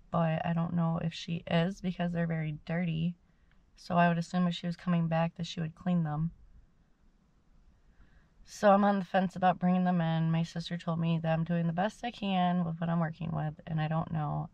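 Low-voiced woman with a gravelly rasp. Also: no echo, muffled recording. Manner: rambling, soft-spoken, fighting tears at times. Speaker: vlogger and mother. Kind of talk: casual personal video diary.

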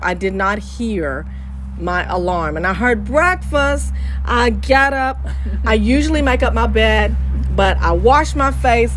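A woman's voice: medium pitch, a little hiss or hum. A woman with an East Texas Southern accent hosting Christian radio, talking in an exuberant, preachy way and repeating her phrases. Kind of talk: lively radio chat.

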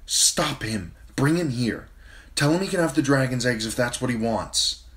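Man putting on a young princess, higher voice, anxious but commanding. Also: steady tone, normal speed, darkish tone, lightly acted.

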